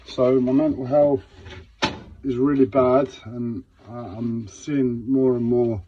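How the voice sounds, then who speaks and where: A man's voice: mid-range voice, flat delivery, slow pace, noisy background. A man talking unscripted on a live stream, in physical pain and distressed, with raw, repetitive speech and heavy swearing. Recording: dull lo-fi live-stream audio.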